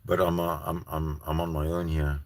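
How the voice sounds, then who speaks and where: Extremely low-pitched and darkish, this Canadian solo host speaks at normal speed with flat delivery, recorded dry. His rambling livestream talk is heated and profane, full of restarted sentences.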